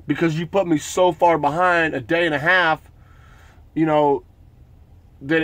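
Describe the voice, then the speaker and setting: A man's voice: on the high side, fairly bright tone, no room sound. A man who drives his own truck, casually retelling a run-in at a loading dock and acting out his protests. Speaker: owner-operator truck driver. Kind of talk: casual storytelling vlog.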